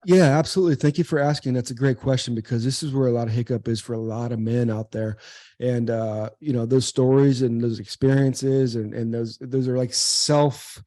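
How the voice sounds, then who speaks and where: Here a former pro baseball player from the United States, now a speaker and in his forties, is a guest in an interview, earnestly relating a personal story. He uses a dark, medium-pitched voice at a moderate pace with fairly even intonation, repeating words and acting out quoted speech. There's no echo.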